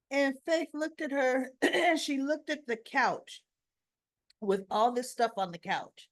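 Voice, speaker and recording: Woman host, drawl, slow unhurried delivery, bit higher voice, slightly rough throat, chatty recap. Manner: slow, chatty retelling with quoted dialogue. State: slightly rough voice after choking. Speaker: soap opera recap host. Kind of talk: casual recap narration.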